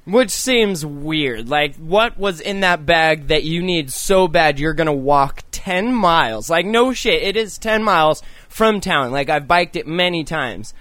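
A man's voice: fairly high pitch, expressive, measured pace, few pauses, fairly bright tone, dry recording. A young man co-hosting a podcast, talking casually in a blunt, profane, rambling way full of "like". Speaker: podcast co-host. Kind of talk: casual chat.

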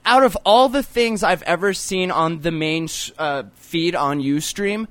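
A young man hosting a casual online show, telling crude stories fast with plenty of swearing and laughter. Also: a little high, dry recording. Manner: profane, joking, quick storytelling with laughs. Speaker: podcast host.

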